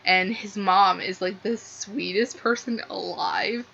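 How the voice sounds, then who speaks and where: A woman's voice: mid-range voice, fairly even intonation, takes it slowly, gravelly, sharp tone. A young woman casually reviewing a book, rambling and gushing with lots of "like". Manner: gushing, rambling, heavy use of "like". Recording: slightly dull lo-fi sound with faint noise.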